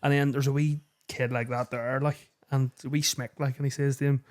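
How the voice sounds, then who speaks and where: A man's voice: medium pitch, little pitch movement, brisk, darkish tone. A man with a Belfast accent co-hosting a casual podcast, laughing often and swearing as he tells a story. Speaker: podcast co-host.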